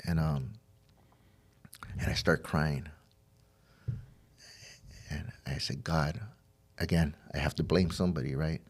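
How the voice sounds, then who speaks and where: A middle-aged man with a very low, deep voice tells his own story of addiction and recovery as a podcast guest. He rambles, doubles back and repeats words, and acts out old conversations in the quoted lines. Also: fairly even intonation, measured pace, long pauses. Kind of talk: personal storytelling.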